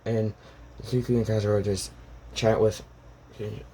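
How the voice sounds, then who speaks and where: A man casually retelling a fan story out loud, rambling with many fillers and self-corrections. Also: lowish voice, little pitch movement, unhurried, a little hiss or hum, rough recording.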